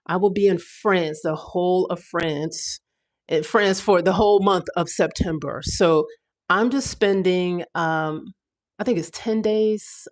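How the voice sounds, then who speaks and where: Chatty woman hosting a livestream. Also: lowish voice. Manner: chatty and animated, quick asides. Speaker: livestream host. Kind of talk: casual live chat.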